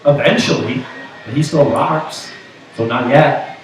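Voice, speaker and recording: A man's voice: medium pitch, unhurried. Guy cohost with dry jokes, lots of uhs, far from the mic, roomy echo. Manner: dry deadpan jokes, hesitant with uh. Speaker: co-host presenting the news items. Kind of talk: casual banter. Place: pub. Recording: echoey room, voice from off mic.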